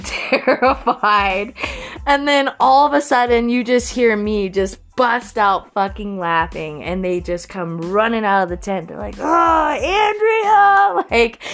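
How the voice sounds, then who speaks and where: A woman from Colorado casually telling anecdotes from her youth, swearing freely and breaking into laughter between lines. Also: mid-range voice. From Colorado, USA. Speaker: storyteller recalling her youth.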